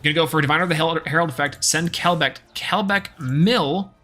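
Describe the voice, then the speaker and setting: A man's voice: a little high, little pitch movement, very fast, sharp tone, soft background music. A man streaming a card game live, giving casual, chatty play-by-play and thinking aloud as he plays. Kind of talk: live gameplay commentary.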